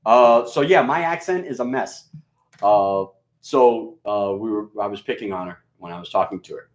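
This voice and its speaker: This New York man speaks at a moderate pace in a lowish voice with a mixed New York accent. A radio DJ, he chats casually on a live stream, rambling, joking, swearing and using lots of fillers. The room sounds echoey.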